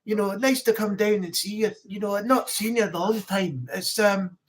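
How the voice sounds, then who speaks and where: A man's voice: high voice, moderate pace, lightly acted. A man voicing a cheerful, friendly Scottish man with a chummy way of talking. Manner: chummy, saying mate and son.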